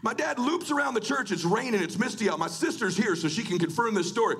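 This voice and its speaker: A middle-aged man delivers a motivational speech before a live audience, his voice pitched high with a gravelly, husky edge. He swings between emphatic shouting and hushed, emotional passages. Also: animated, fast talker. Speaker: motivational speaker.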